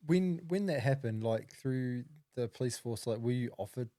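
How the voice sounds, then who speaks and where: A man, a podcast host asking gentle, supportive follow-up questions. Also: medium pitch, expressive, normal speed, no echo. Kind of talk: casual interview chat.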